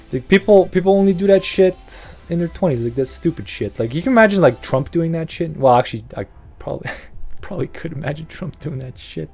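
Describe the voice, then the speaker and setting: A man's voice: fairly high pitch, expressive, brisk, creaky, a little mellow, husky, faint music behind. A man hosting a podcast, rambling through a profane, casual rant and laughing often. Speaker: podcast host.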